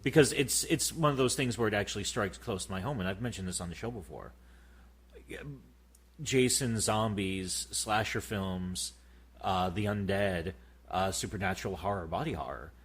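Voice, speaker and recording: A man in his thirties co-hosting a casual podcast, swearing freely and telling animated stories. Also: fairly low pitch, normal speed, slightly rough. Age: 30s. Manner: profane, animated storytelling. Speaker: podcast co-host. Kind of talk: casual chat.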